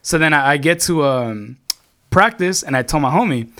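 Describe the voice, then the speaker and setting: A man's voice: on the high side, animated, moderate pace, pushed and bright. A young man telling a long story to his friends in casual chat, rambling and swearing, with lots of filler words.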